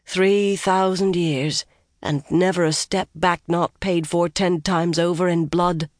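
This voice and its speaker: A reader doing a gentle, coaxing young woman. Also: mid-range voice, fairly even intonation, slow pace, no echo, studio quality, natural voice.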